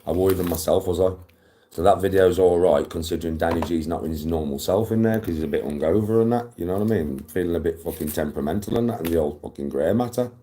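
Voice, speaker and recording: A man's voice: sits low, quick pace, warm tone, slight background noise. A young man chatting casually on a live stream, chirpy, rambling and laughing at his own jokes.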